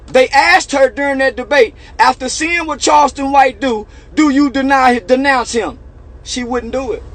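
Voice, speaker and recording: A man with a strikingly high voice delivers a boastful, casual vlog rant. He taunts his critics in profane street slang and circles back over the same lines, all swagger and bragging. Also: fairly bright tone. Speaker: online personality.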